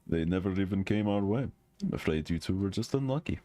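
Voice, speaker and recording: A man reading a story game aloud, joking between lines in animated asides. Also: low voice, fairly quick, dry recording. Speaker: game streamer.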